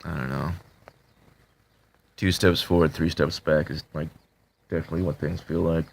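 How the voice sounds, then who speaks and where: A man talking casually to his subscribers, halting with many fillers and restarts, in a flat tone that can sound annoyed. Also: rumbling low, creaky. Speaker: video creator talking to subscribers. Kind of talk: casual confessional talk to camera.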